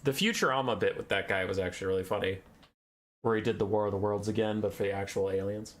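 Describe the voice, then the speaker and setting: A man's voice: on the low side, steady tone, fast. A young man hosting a game tournament stream, chatting casually in a rambling, self-deprecating way. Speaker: tournament host and caster. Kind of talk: casual live-stream chat.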